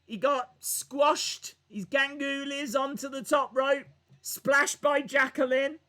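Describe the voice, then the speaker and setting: A man hosting a wrestling watch-along stream, giving excited live reaction commentary and joking, with bursts of shouting. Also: extremely high pitch, slow.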